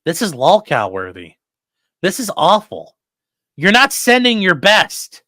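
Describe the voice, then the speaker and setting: A man's voice: high-pitched, wildly swooping pitch, a little slow, sharp tone, no room sound, studio quality. A man hosting live legal commentary, talking bluntly and with lots of swearing. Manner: blunt, profane, exasperated. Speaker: lawyer and commentary host.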